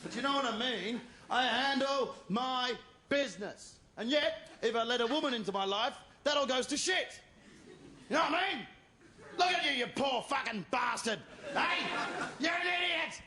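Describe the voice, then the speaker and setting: A man's voice: very high-pitched, expressive, normal speed, background noise. An Australian man doing a crude, mocking stand-up routine and teasing the crowd. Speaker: stand-up comedian. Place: comedy venue with live audience. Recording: echoey live venue, loud crowd laughter.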